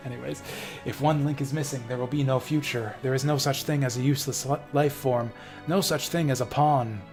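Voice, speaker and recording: A man's voice: mid-range voice, a little mellow. A man streaming a game, reading its dialogue aloud in a dramatic way and drifting into casual, profane asides. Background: faint game music.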